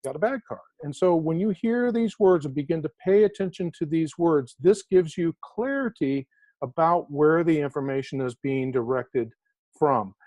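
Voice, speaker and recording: A man being interviewed as an author who tells an inspirational story with animated emphasis, slowing down to stress key words. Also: a little high, dry recording.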